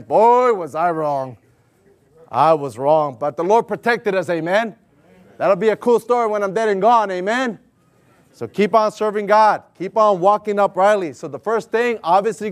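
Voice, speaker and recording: High-voiced man preaching a lively sermon. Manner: animated, storytelling, acts out dialogue. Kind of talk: sermon with personal story.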